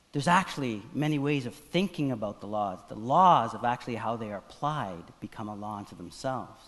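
A pastor preaching a sermon in an animated style, swinging between loud emphasis and quiet asides. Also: male voice, medium pitch, fairly quick, hardly any pauses, in a large hall. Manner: animated preaching, acts out voices of biblical figures.

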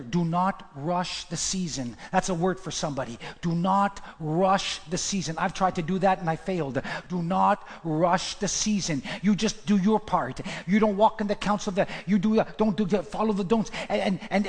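High-voiced man preaching in a hall. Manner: emphatic, repeats key phrases, swings from hushed to loud. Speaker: pastor. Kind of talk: sermon. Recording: long hall reverb.

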